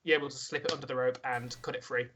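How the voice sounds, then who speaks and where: A man's voice: mid-range voice, fairly even intonation, rapid-fire, a loud crowd. A man narrating as dungeon master, casually describing scenes with frequent restarts. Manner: swears freely, restarts often. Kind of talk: narrating a tabletop game.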